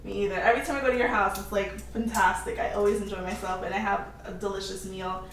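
A woman's voice: medium pitch, fairly even intonation, quick pace, a little hiss or hum. Chatty woman cooking in an echoey kitchen. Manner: chatty, laughs often, reads out viewer comments. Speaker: home cook live-streaming. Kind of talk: casual cooking stream chat. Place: home kitchen. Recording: echoey kitchen with faint clatter.

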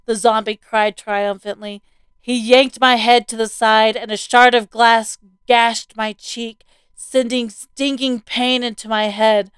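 A woman reading a first-person horror story aloud as a scripted narration, with steady, vivid storytelling. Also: fairly high pitch, takes it slowly, smooth, dry recording.

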